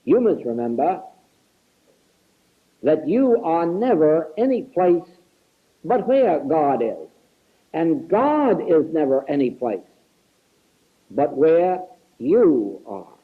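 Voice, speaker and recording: A man's voice: fairly high pitch, big pitch swings, takes it slowly, pauses often. Earnest man on an old lo-fi lecture tape. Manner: earnest, emphatic, repeats key words for stress. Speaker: spiritual teacher. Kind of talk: recorded spiritual lecture. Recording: lo-fi archival tape recording.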